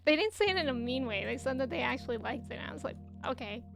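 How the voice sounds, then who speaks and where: High-voiced, bubbly woman streamer. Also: lively intonation, brisk, creaky, over music. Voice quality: slightly nasal. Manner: bubbly, chatty, laughs often. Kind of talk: casual chat while gaming and reading chat.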